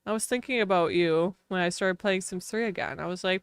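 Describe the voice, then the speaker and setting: A woman's voice: mid-range voice, expressive, brisk, a bit bright, clear, resonant tone, dry recording, studio quality. A woman streamer telling a long casual story while gaming, chatty and full of fillers, laughing often.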